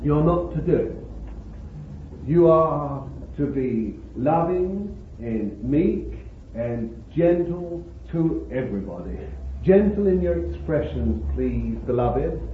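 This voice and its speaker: A man's voice: fairly high pitch, big pitch swings, slow pace, slight background noise. A man preaching a sermon to a congregation, emphatic and exclaiming, breaking into chuckles. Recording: tinny phone-like old sermon tape, echoey hall.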